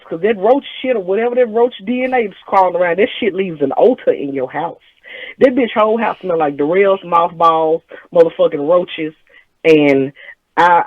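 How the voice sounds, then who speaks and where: A man telling stories as a host in a casual chat, profane and animated. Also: sits high, no room sound. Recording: tinny phone-like sound.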